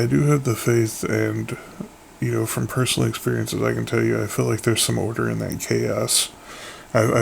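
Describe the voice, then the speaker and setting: A man with a deeply gravelly, fry-heavy voice chats casually on a podcast. He rambles and swears freely as he thinks out loud. Faint noise sits behind him. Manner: rambling, profane, loose. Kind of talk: casual chat.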